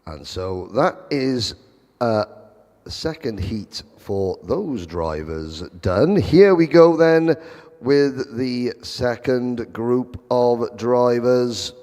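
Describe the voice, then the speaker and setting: A man's voice: mid-range voice, lively intonation, drawn-out words, darkish tone. A man giving live motorsport commentary, chatty with wry asides. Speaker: race commentator. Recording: long hall reverb.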